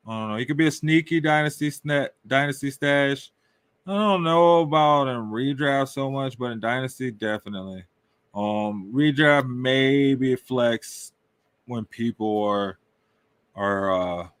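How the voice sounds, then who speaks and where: Talking fantasy football on his casual podcast, the host wanders loosely from point to point, tossing out "right?" and "I don't know" along with questions and shrugging asides. His mid-range voice has a fairly bright, clear, resonant tone, recorded with no room sound.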